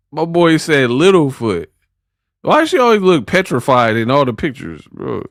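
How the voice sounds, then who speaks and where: Heard first is a man who talks slowly, sitting in dry, close-miked sound. He jokes, laughs often and trades slangy banter with his chat. It is a casual live-stream commentary. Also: on the high side, huge pitch swings, dry recording.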